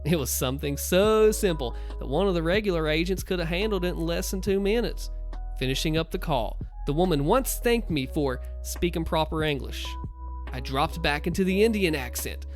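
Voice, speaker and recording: A man narrating internet stories with a wry, knowing delivery. His pitch swings widely from line to line, with faint music behind him. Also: expressive, normal speed. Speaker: story narrator. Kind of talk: reading internet stories aloud.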